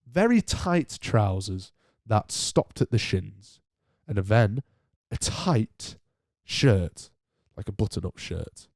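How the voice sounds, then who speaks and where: A man's voice: lowish voice, mellow, dry recording, clean studio sound. A young man with a Northern English accent hosting a casual solo podcast, chatty and jokey, rambling through his points with restarts. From Northern England. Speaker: podcast host.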